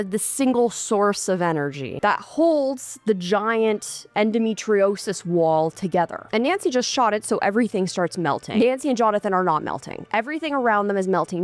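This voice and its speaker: A young woman giving a casual, sarcastic commentary on a series, swearing and throwing in animated asides. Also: medium pitch. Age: young adult. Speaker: video essayist.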